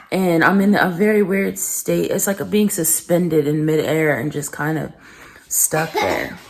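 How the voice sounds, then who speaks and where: A young woman talking earnestly and reflectively in a personal vlog, pausing and restarting as she speaks. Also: low-pitched, a little mellow. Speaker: vlogger.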